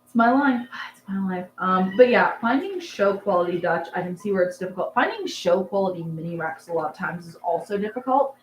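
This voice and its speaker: A woman's voice: fairly low pitch, lively intonation, fairly quick, few pauses, roomy sound, slight background noise, poor audio. A young woman hosting a casual livestream, chatting and answering comments in a rambling, filler-heavy way. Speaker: livestream host, rabbit breeder. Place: dark barn at night.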